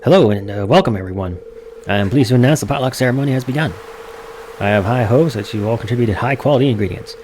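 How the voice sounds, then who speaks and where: A man's voice: medium pitch, fast talker, darkish tone, slight background noise, natural voice. A man voicing a fussy older village mayor from a farming game, announcing things in an officious, ceremonial way.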